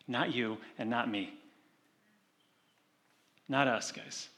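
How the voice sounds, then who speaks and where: A man delivers a sermon in a relaxed, conversational way. His voice sits in an ordinary middle register. He drops to a slower, gentler delivery whenever he reads from scripture. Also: mid-range voice. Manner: conversational preaching with animated retold stories; slows and softens for scripture reading. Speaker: pastor.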